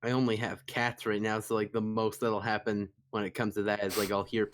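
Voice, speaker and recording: A man chatting on a podcast, halting and stammering as he speaks. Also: fairly low pitch, level tone. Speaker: podcast guest. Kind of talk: casual podcast chat.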